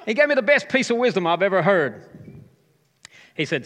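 A male pastor in his fifties delivers a lively sermon, bantering with his congregation between bold points. His voice sits a little high for a man. It rings through a hall with a long reverb tail. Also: normal speed, pauses often. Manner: animated, joking with the congregation. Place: church hall.

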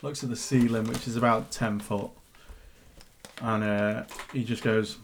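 A man's voice: on the low side, flat delivery, a little slow, creaky, a little hiss or hum. A man acting as dungeon master, narrating a tabletop game in a chatty way with laughing asides.

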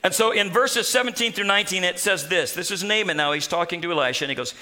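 Bright high-voiced man preaching. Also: quick pace. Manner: animated, humorous storytelling of scripture. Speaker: pastor. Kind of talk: sermon.

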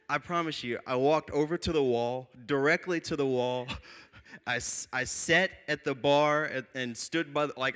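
Animated young male preacher telling stories. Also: a little high, clear, resonant tone. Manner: animated, laughing storyteller. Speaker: pastor. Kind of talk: sermon with personal storytelling.

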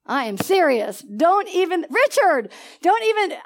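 High-pitched female preacher, emphatic and lively, drawing answers from the congregation. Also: measured pace. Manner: animated, emphatic call-and-response preaching with laughter. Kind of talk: sermon. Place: church sanctuary.

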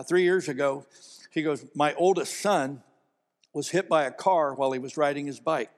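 A man from Ohio preaches with a slightly raised pitch, telling a story in an earnest tone that grows emphatic. His voice rings with the long reverb of a large hall. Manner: earnest storytelling that builds to animated, emphatic delivery. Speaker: pastor. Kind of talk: sermon.

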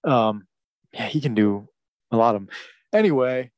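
A man's voice: medium pitch, expressive, normal speed, darkish tone, no room sound. A man co-hosting a podcast in casual chat, hesitant, laughing often. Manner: hesitant, lots of fillers and restarts, laughs a lot. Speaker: podcast co-host.

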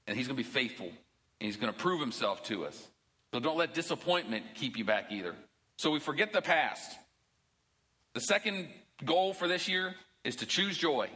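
A pastor preaches in a relaxed, conversational way, slipping in jokes and asides as he goes. He is a middle-aged man with a bright, clear voice pitched a little high. His words hang in the long reverb of a church sanctuary. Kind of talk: sermon.

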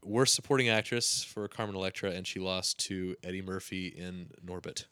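A man's voice: low voice, fairly even intonation, sharp tone, clean tone, dry recording. A man hosting a casual movie podcast, leading segments and swearing freely. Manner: leads segments, swears casually, quick laughs. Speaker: podcast host.

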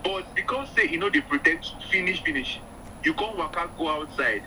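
A male doctor explaining vaccines on radio in Nigerian Pidgin, patient and clear. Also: on the high side, lively intonation, a little fast, pushed and bright, a little hiss or hum, rough recording. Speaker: doctor guest.

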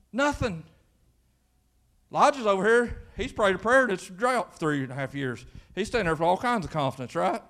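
A male pastor, preaching a sermon as an animated story with frequent restarts. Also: extremely high pitch, a little fast.

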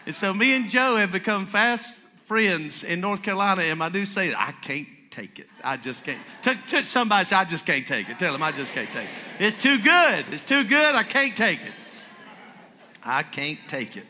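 A pastor speaking in a high-pitched voice barely pauses as he races fairly quickly through a story-driven sermon, voicing the dialogue with gusto. The stage-mic recording from the church sanctuary, congregation present, is reverberant and carries a little hiss or hum.

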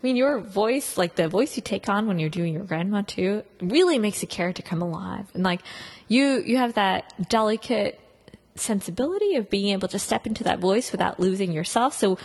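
A woman's voice: medium pitch, expressive, moderate pace, a little mellow. A woman hosting a podcast, chatting casually and enthusiastically, full of praise and fillers. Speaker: podcast host. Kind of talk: casual interview chat.

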